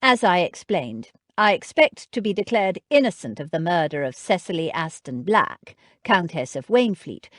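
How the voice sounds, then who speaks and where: A woman reading a courteous, formal letter written by a noble gentleman in an audiobook. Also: medium pitch, no room sound, studio quality, lightly acted.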